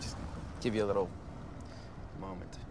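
An actor playing a heist leader who explains a plan in a halting, apologetic, measured way, in a film clip. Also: male voice, low voice, level tone, natural voice. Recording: film clip with outdoor traffic noise.

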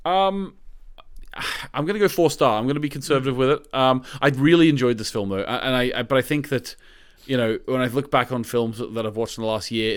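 Fast-talking man co-hosting a podcast. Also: mid-range voice, smooth. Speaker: podcast co-host. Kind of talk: casual chat.

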